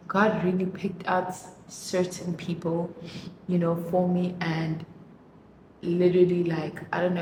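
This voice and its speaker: A woman talks through her makeup routine in a casual vlog, slow and a little low-pitched. She gushes and gets emotional, with her speech full of fillers. The sound is roomy and echoey, with clear background noise. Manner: emotional, gushing, many fillers. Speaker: vlogger. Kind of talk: casual chat while doing makeup.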